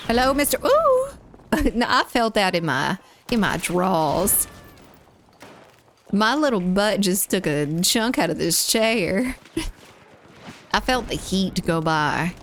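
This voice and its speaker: A woman's voice: fairly low pitch, a little hiss or hum. A woman streaming a game, chatting casually, giggling often as she reads chat messages aloud and answers them. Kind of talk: casual live-stream chat while gaming.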